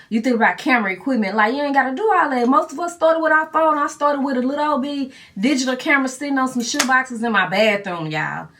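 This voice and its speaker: A woman's voice: on the high side, a bit bright, far from the mic, a little hiss or hum. A woman, telling candid stories and laughing often in a long-winded Q&A chat. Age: 40s. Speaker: vlogger. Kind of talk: casual Q&A chat.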